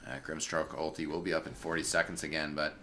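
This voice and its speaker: A man casually commenting on a video game match as a streamer, chatty and relaxed, full of fillers and greetings to viewers. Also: a bass voice, quick pace, a little hiss or hum. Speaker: esports caster and streamer.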